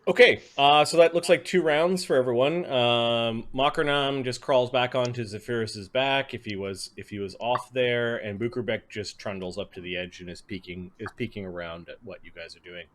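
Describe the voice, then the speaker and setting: A man narrating as game master of a tabletop game, relaxed and chuckling, with many fillers. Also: medium pitch, normal speed, hardly any pauses.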